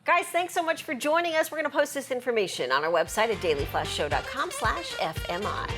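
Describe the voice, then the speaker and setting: A woman's voice: a little high, very animated, fairly quick, a bit bright, soft background music. A woman co-hosting a daytime entertainment show, introducing segments and thanking guests in an upbeat hosting manner. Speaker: talk show co-host.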